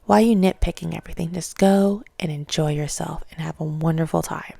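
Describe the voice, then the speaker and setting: A woman vlogger ranting casually about her opinions, animated and mocking. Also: fairly low pitch, a little fast, vocal fry, dry recording. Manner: animated, mocks others in exaggerated voices.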